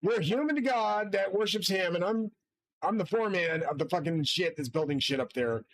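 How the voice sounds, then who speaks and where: Profane, rambling man with a higher voice. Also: expressive, brisk, dry recording, low-quality recording. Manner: profane, grandiose, combative. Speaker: channel host. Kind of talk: rambling solo monologue. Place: his own studio.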